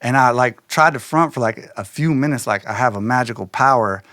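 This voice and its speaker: A man telling a personal story in loose, slangy, animated casual talk, slipping into quoted voices. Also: mid-range voice, fairly quick, dry recording, clean studio sound.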